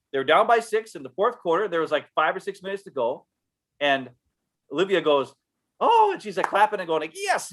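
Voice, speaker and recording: A man's voice: high-pitched, a bit bright. A man co-hosting a casual sports podcast, telling stories in a frustrated, blunt way. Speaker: podcast co-host.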